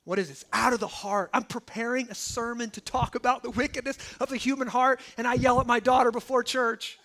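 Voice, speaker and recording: High, bright-voiced pastor preaching animatedly. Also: male voice, brisk. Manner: animated storytelling, asides like "okay?". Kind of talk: sermon with personal stories. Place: church.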